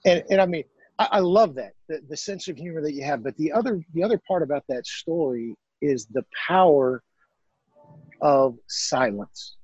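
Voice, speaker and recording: A man hosting a podcast who reflects on a guest's story, halting and repeating words as he starts sentences. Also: fairly high pitch, expressive, a little mellow, husky, no room sound, lo-fi sound. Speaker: podcast host. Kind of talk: casual conversation.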